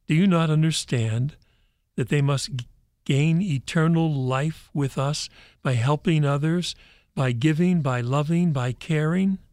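A man reading as a gentle Heavenly Father. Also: on the high side, unhurried, dry recording, clean studio sound, close to an everyday voice. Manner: calm, explaining. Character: gentle patient Heavenly Father, male, ancient.

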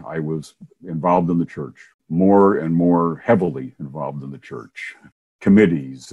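An older man speaks in a very low, husky voice, mellow and unhurried. He is a minister and former science teacher who tells his story casually and laughs often. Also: dull audio. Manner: warm anecdotal storytelling with chuckles. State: hard of hearing, wears hearing aids.

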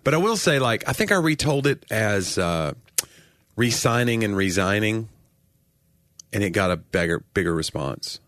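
A man co-hosting a casual comedy podcast, joking in a dry, self-deprecating way. His voice sits on the low side yet swings widely in pitch. The mic is close and dry. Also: animated, normal speed, a bit bright, dry recording. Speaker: podcast co-host.

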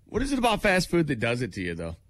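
A man's voice: medium pitch, wildly swooping pitch, fast talker, no room sound, studio quality. A man co-hosting a podcast, chiming in with teasing quips in casual chat. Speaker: podcast co-host.

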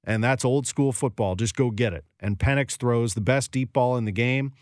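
A man's voice: mid-range voice, normal speed, no echo. Guy on sports radio hammering his opinions, repeats himself for emphasis, dry close sound.

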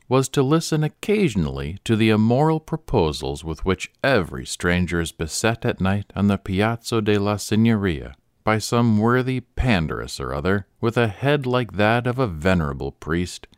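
Deep-voiced male story narrator. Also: no room sound, studio quality. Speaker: podcast host and story reader. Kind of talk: scripted narration.

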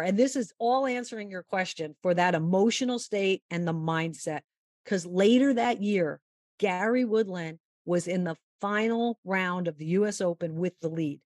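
A woman golf mental-game coach giving a long, animated interview answer and acting out the quotes in her story. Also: mid-range voice, dry recording, clean studio sound.

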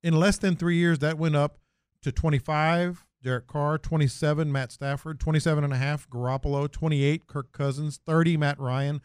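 A man's voice: on the high side, fairly even intonation, moderate pace, a little mellow, clear, resonant tone, no echo, studio quality. A man co-hosting a sports radio show in a laid-back way, walking through figures methodically. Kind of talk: casual sports talk.

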